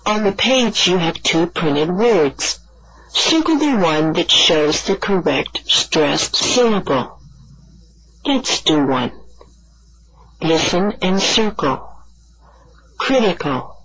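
Slow, husky-voiced woman teaching. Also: fairly low pitch, lively intonation, a bit bright, low-quality recording. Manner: clear, deliberate, spells words out letter by letter. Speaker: language teacher on an audio course. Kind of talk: slow scripted classroom instruction.

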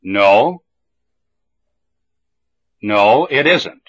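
A man reading a scripted language drill slowly, with careful, deliberate enunciation. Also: lowish voice, expressive. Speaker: language teacher. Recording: dull lo-fi old tape recording.

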